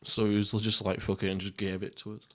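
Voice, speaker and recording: A young man from England hosting a casual solo podcast while eating, rambling through jokey, crude, deadpan stories. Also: lowish voice, fast. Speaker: podcast host. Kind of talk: casual solo mukbang chat.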